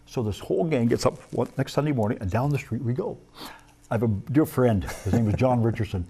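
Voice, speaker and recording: An older man giving an animated personal testimony as a TV interview guest, acting out dialogue as he tells it. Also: medium pitch, fairly quick, a little hiss or hum. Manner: animated storytelling, acts out quoted dialogue.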